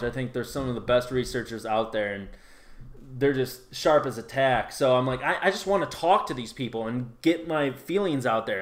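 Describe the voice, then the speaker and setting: A man talking as a guest on a podcast, chatty and casual, stumbling over and repeating words and swearing now and then. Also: mid-range voice. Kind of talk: casual interview chat.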